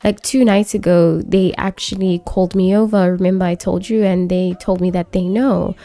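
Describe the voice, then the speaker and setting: A woman voicing a grieving young man in a life-sim game, speaking his lines in a casual, quick paraphrasing way. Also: lowish voice, steady tone, warm tone, no room sound, lightly acted. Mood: earnest.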